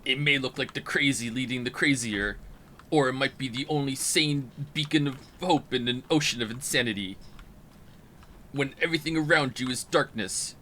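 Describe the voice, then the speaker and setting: A man voicing a nasal, nerdy male announcer who makes a mock-serious, grandiose campaign pitch. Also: fairly bright tone, slight background noise, lightly acted. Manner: mock-dramatic, grandiose delivery. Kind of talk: gaming stream voice impression.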